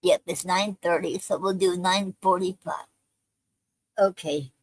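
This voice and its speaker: A woman hosting a casual poetry live stream, speaking haltingly with many fillers and restarts as she chats with viewers. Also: on the low side, fairly even intonation, no echo, rough recording. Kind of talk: casual live-stream chat, leading a poetry writing session.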